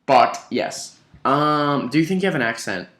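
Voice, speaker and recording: A young man with an Australian accent, chatting casually with his housemate, animated and rambling and swearing freely. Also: medium pitch, moderate pace. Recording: echoey room.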